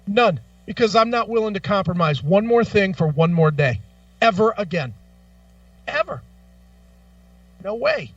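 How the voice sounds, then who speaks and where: A man co-hosting a radio talk show, telling stories with lots of profanity in a lively, animated way. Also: high voice, brisk, recorded from a distance, highs cut off, soft background music. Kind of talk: casual chat. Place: radio studio.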